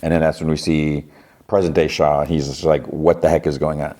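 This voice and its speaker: A man's voice: extremely low pitch, little pitch movement, brisk, dark tone. A male podcast host casually recapping an episode, acting out the characters' lines in loose voices. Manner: acts out dialogue in loose voices; lots of "he's like" and restarts.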